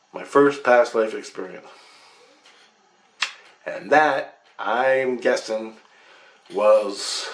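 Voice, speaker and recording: A man's voice: lowish voice, a little hiss or hum. Swearing man telling a story in an echoey room. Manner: emphatic and swearing, with restarts. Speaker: vlogger recounting a past-life recall. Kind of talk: casual first-person storytelling. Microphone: computer webcam. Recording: roomy echo.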